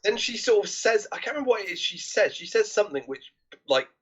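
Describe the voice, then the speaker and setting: A man discussing a film in a casual podcast chat, with a husky voice and lively, swinging pitch. His audio sounds dull and lo-fi. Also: fast talker. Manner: frequent agreeing interjections, hedging recall. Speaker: podcast co-host.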